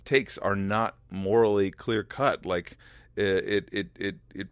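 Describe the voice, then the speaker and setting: A man hosting a casual conversation, asking questions and thinking aloud with halting restarts. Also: fairly low pitch, steady tone, clean tone, no room sound. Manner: thoughtful, halting, many restarts.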